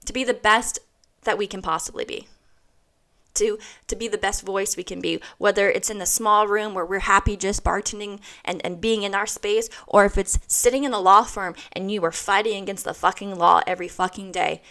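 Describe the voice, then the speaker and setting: A woman in her thirties delivers a motivational monologue in a bright, forward voice. She is blunt and swears freely, driving each point home by repeating it. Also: medium pitch, steady tone, brisk. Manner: blunt, heavy swearing, emphatic repetition. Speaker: host.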